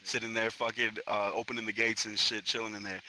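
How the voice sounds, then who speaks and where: Young dude from florida swearing his way thru a story, kinda low voice, loose and rambling. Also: fast, slight background noise, poor audio. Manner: profane street slang, rambling and animated. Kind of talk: casual storytelling among friends. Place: online virtual social space.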